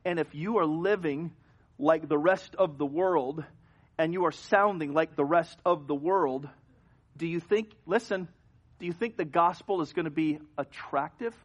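A man preaching a sermon as pastor, telling a story with animated swings from hushed to loud. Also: a little high, measured pace. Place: church sanctuary.

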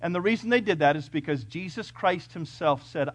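A male pastor preaching a sermon to a congregation, emphatic, firing rhetorical questions and swinging from loud declarations to hushed points. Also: a little high, lively intonation, a little fast, hardly any pauses, breathy edge, no echo. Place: church before a congregation.

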